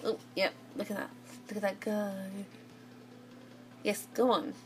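A woman's voice: medium pitch, flat delivery, measured pace, darkish tone. A woman casually commenting on a life-simulation game as she plays, chatty and giggly, cheering the characters on. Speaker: gaming channel host. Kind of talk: casual let's play commentary. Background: game music.

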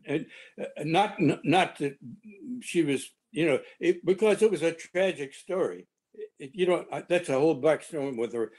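A man in his seventies recalling a backstory in halting, rambling fashion over a video call. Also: on the high side, a little mellow, breathy edge. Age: 70s. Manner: halting, rambling recollection with many restarts. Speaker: original cast member at a reunion. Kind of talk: reminiscing on a video panel.

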